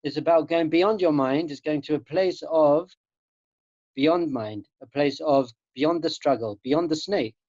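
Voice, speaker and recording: Teaching students by video call from a Jerusalem home room, this rabbi from England speaks a little slowly in a slightly high, darkish voice, with no echo. His spiritual talk is earnest and emphatic, returning again and again to key phrases, and the online call audio sounds dull and lo-fi.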